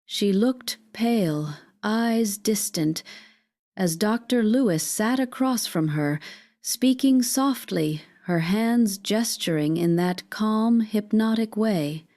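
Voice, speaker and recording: A woman giving a measured, scripted first-person dramatic narration as a storyteller. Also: medium pitch, lively intonation, warm tone, no room sound, studio quality.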